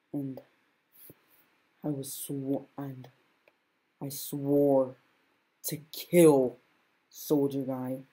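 A woman tells her own homemade story in the first person with a low, deep voice. She talks slowly, in a subdued way, and often circles back to repeat phrases. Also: mellow.

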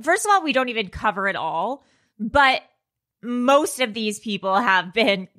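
A woman's voice: fairly high pitch, lively intonation, a little slow, pushed and bright. A woman co-hosting a podcast, talking in a chatty way, tripping over words and laughing between points. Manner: chatty, stumbles over names, laughs often. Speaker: podcast co-host. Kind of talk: casual chat.

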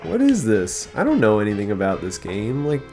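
A man hosting a casual let's play, talking to the game as he goes, excitable and swearing often. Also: fairly low pitch, normal speed, soft background music. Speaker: gaming channel host.

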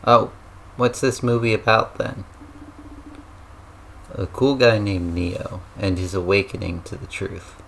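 A young man casually voicing a game's hero, gruff and deadpan. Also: fairly low pitch, a little slow, pauses often, slight background noise. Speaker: gamer voicing the main character. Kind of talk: casual dub of game dialogue.

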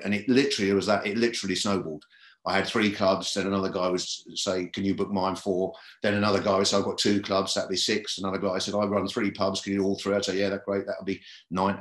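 A man telling stories about his career in a podcast interview, rambling a bit and repeating phrases. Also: low voice. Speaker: comedy club booker and comedian. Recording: roomy echo.

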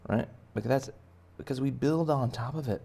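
A man's voice: medium pitch, normal speed, vocal fry, dark tone, husky. A man giving a playful, chatty step-by-step drawing lesson for kids. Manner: playful, chatty, talks to children directly. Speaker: art teacher.

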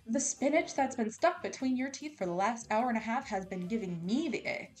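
A woman's voice: a little high, animated, fairly quick, natural voice. A woman voicing a smug, teasing young man in a spicy romance audiobook reading. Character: sarcastic young man, teasing best friend.

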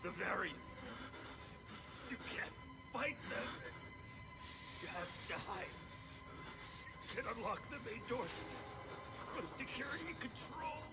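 A grim, dying man in a horror game, pressing out urgent warnings in a high, strained voice that swings up and down. The lines come through game audio with loud music playing over them. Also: lively intonation, takes it slowly, gravelly, pauses often, heavily acted.

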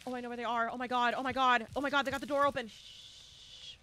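A young woman streaming a horror game live, chatting to viewers and bursting into shouts and squeals. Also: on the high side, little pitch movement, very fast, slight background noise. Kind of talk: live gameplay commentary.

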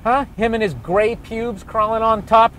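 A man doing comedy as he walks a city street outdoors, ranting loudly and sarcastically and swearing constantly. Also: high voice, measured pace, slight background noise. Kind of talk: profane ranting walking tour.

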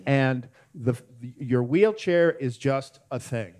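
A man moderating a panel discussion at a film festival, speaking haltingly with many restarts. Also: mid-range voice, lively intonation, a little mellow. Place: festival screening venue.

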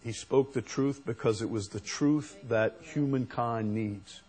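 A man preaching a sermon as pastor, slow and unhurried, rising to emphatic peaks. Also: medium pitch, darkish tone, slightly rough.

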